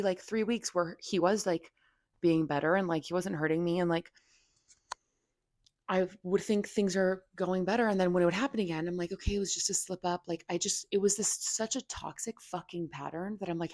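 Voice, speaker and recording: A woman's voice: lowish voice, fairly even intonation, brisk, a little mellow, no room sound, clean studio sound. A young woman hosting a podcast, venting candidly in casual talk full of "like" and swearing. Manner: venting, heavy "like" filler, frequent swearing. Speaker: podcast host.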